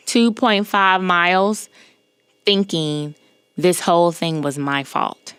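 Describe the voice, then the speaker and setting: A woman hosting a podcast, telling a personal story in an emphatic, animated way and often checking in with the listener. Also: lowish voice, clear, resonant tone, no echo. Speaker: podcast host.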